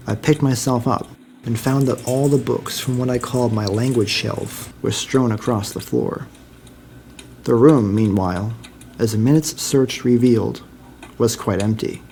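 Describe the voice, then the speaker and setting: Male storyteller, dark and gravelly, measured dramatic reading of a ghost story. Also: mid-range voice, slight background noise. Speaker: library staff reader.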